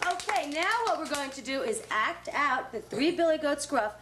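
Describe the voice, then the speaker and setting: A woman kindergarten teacher reading a story aloud to children in a classroom, slow, sing-song and encouraging. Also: high-pitched, animated. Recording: echoey classroom on noisy old tape.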